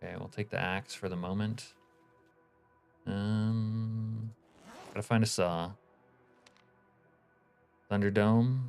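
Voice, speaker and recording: A man's voice: fairly low pitch, steady tone, takes it slowly, creaky, long pauses, a little mellow, clean tone, soft background music. Laid-back swearing male game streamer. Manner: laid-back, profane, reads chat aloud. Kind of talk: casual live-stream commentary.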